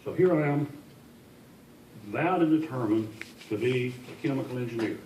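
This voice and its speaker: A man's voice: medium pitch, animated, moderate pace, warm tone, slight background noise. An older man from Tennessee, telling folksy, joking stories as a guest speaker. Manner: folksy, joking, self-deprecating. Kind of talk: after-dinner storytelling speech. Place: large indoor function room. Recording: echoey hall from a distance.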